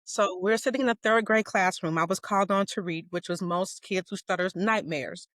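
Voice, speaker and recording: A woman in her forties who stutters, telling her story as a guest in an interview with warm laughter and emphasis. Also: mid-range voice, moderate pace, dry recording. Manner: stutters with repeated sounds and words. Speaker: guest, educator.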